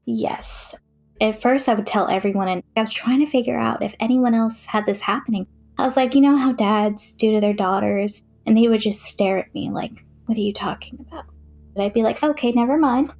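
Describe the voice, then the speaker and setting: A woman's voice: a little high, steady tone, moderate pace, creaky, darkish tone, soft background music. A young woman recounting her childhood in an interview, in a plain, matter-of-fact way with frequent fillers. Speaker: interview guest. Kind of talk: personal testimony in an interview.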